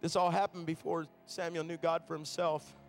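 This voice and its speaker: A man preaching a sermon through fervent storytelling that builds toward shouts. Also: fairly high pitch, level tone, normal speed, soft background music. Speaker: pastor.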